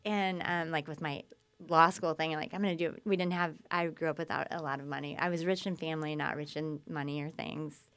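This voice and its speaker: A woman guest telling her story in conversation, lively and acting out quoted speech. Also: low voice, fairly quick, smooth. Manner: animated, acts out quoted speech.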